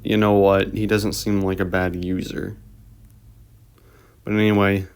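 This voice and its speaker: A man's voice: low-pitched, flat delivery, unhurried, clean tone. A man hosting a reaction video, talking in a casual, rambling voice-over. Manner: rambling, offhand remarks.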